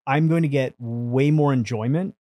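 Man, podcast guest, casual storytelling, animated, swears a lot, mid pitch, dry close sound. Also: moderate pace, dry recording. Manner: animated, swears freely, acts out quotes.

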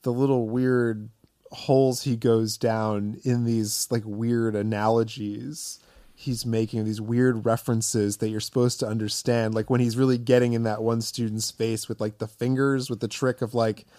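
Podcast co-host, male, mid-pitched, loose conversational delivery, dry studio sound. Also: little pitch movement, moderate pace, warm tone, dry recording. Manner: conversational, lots of filler "like". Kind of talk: casual film discussion.

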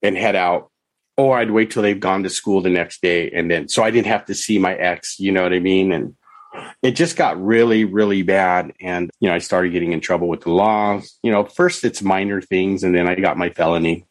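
Middle-aged guy, lowish voice, dry close sound, rambling candid storytelling w lots of "you know". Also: fairly even intonation, normal speed, no room sound. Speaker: podcast guest, author and counselor.

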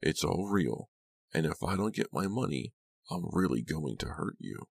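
A man voicing a cold, menacing middle-aged gunman who speaks softly and dryly in an audiobook. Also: extremely low pitch, moderate pace, gravelly, breathy edge, no room sound, studio quality, exaggerated voice. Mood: threatening. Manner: soft, flat, dryly threatening. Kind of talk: audiobook character reading.

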